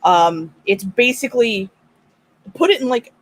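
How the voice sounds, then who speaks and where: A woman's voice: mid-range voice, animated, a little slow. A woman on a discussion stream, casually explaining a trend with lots of "like" and "um" fillers. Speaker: panel guest. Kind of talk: casual chat.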